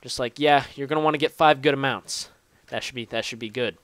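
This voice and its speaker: A man's voice: mid-range voice, a little fast, fairly bright tone, clean tone, dry recording. A young man giving casual, rambling gameplay commentary, swearing often and poking fun at himself. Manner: rambling, profane, self-mocking. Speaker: gaming YouTuber.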